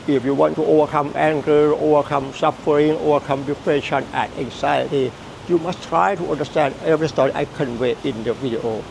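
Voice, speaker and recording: Man, Buddhist teacher, high-pitched, gravelly, repeats himself, halting. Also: steady tone, a little hiss or hum, low-quality recording. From Thailand. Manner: repetitive, halting, emphatic phrasing. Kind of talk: dharma teaching.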